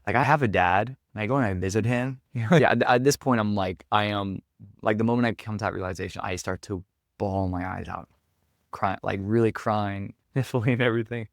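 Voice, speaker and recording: A man with a fairly low, gravelly voice talks as a podcast guest, recounting his experience in a reflective, candid way. His speech is loose and filled with casual fillers. The sound is dry and close, with no room echo. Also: fairly quick. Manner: reflective, heavy use of filler words. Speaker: podcast guest, performance coach. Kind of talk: candid conversational storytelling.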